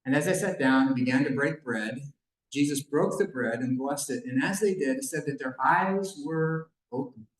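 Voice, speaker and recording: A man's voice: mid-range voice, normal speed. A man giving a conversational talk at a banquet, retelling a Bible story with joking asides to the audience. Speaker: banquet speaker. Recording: echoey room.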